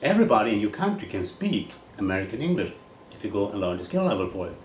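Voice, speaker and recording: A low-pitched man with a Swedish accent holds forth in a blunt, rambling monologue, casually swearing as he goes. He is a golf coach speaking his mind. The room is echoey, with a faint hum of ambient noise behind him. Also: big pitch swings, quick pace, a little mellow, far from the mic. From Sweden.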